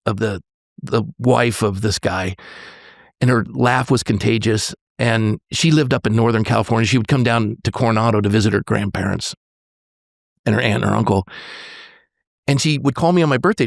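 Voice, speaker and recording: A pastor in his sixties shares a personal story on a podcast, speaking earnestly and haltingly, often restarting and quoting what people said. His mid-range voice is creaky, captured in clean studio sound with no room echo.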